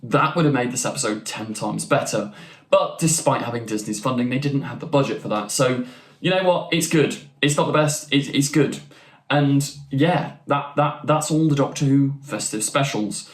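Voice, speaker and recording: A man's voice: mid-range voice, moderate pace. A young man hosting a casual ranking video. He talks in a chatty, enthusiastic way, with restarts and asides. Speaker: YouTube channel host. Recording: roomy echo.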